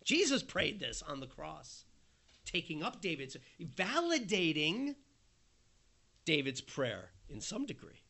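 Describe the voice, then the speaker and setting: A man preaching a sermon, earnest and conversational, dropping soft and then rising emphatic as he acts out the quoted voices. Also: on the high side, wildly swooping pitch, slow pace, vocal fry.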